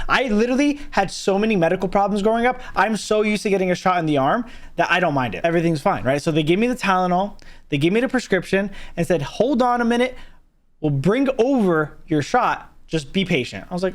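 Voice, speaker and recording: Young male storyteller, high, very lively voice, profane and animated. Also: fairly quick. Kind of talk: casual storytelling vlog.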